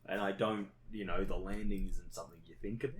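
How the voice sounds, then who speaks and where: A man's voice: deep voice, steady tone, quick pace. A young man chatting on a podcast, telling stories animatedly, swearing freely and laughing along as he talks. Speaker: podcast co-host. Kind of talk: casual chat.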